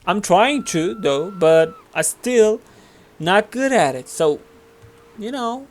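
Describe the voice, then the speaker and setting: Chatty Turkish-accented man, higher voice. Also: expressive, takes it slowly. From Turkey. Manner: rambling, filler-heavy, chatty. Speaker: gaming channel host. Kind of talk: casual gameplay commentary.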